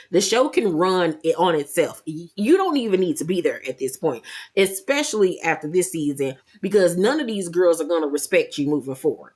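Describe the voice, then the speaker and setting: Woman host, sassy and blunt, low-ish voice, casual show-recap commentary. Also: a little mellow.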